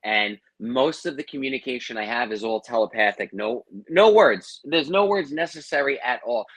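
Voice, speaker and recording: A husky-voiced middle-aged man talking in a casual interview. He tells a long personal story, acting out what others said and tossing in "man" and "you know what I mean". His pitch sits in a middle range. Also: animated, fairly quick, fairly bright tone, poor audio. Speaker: interview guest, firefighter and psychic.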